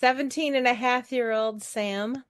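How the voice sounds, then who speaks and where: Female podcast host, slightly high pitch, casual; dry, close mic. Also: steady tone, unhurried, no echo. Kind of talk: casual interview chat.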